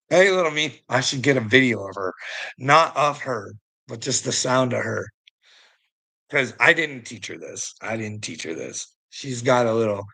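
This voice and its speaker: A man's voice: mid-range voice, creaky, pushed and bright, breathy edge, poor audio. A middle-aged man talking casually on a livestream, rambling, teasing viewers, swearing freely and laughing often. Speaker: livestream host.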